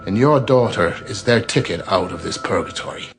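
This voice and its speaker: An actor playing a grave TV ghost hunter in a film, speaking slowly and deliberately. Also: male voice, low-pitched, lively intonation, music in the background. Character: grave male TV ghost hunter, middle-aged, solemn.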